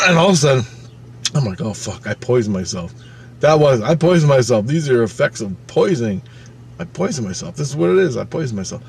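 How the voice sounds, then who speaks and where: Male storyteller, mid-pitched, plain casual delivery, profane and animated, faint hiss behind. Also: brisk, creaky. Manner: swears freely, acts out his own past thoughts with sudden loud and quiet swings. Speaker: channel host recounting a personal experience.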